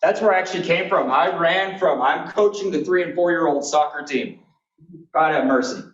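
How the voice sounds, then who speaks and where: A man giving a keynote speech, blunt, folksy and quick to joke. His voice sits a little high for a man. It reaches the mic from a distance, with a roomy echo and a muffled, dull tone. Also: fairly bright tone. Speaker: keynote speaker. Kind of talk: animated storytelling talk. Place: conference hall. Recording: echoey, dull room recording from afar.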